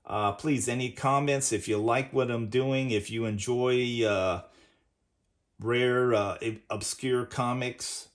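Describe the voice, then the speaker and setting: A man's voice: mid-range voice, steady tone, slow. A man hosting a casual comic book review, rambling and leaning on "basically" as he retells the story. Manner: rambling, says "basically" often.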